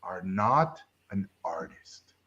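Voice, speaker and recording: A man voicing a gruff, stern older Hungarian art teacher who talks blunt and backwards, lower and quieter than his own voice. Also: lively intonation, slow pace, muffled recording, exaggerated voice. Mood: scornful. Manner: blunt, Yoda-like word order.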